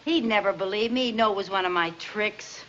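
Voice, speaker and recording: An actress playing a scheming, excitable housewife who gushes out quick apologies in 1950s sitcom style. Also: female voice, medium pitch, slight background noise, lightly acted. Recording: muffled old TV soundtrack, studio audience.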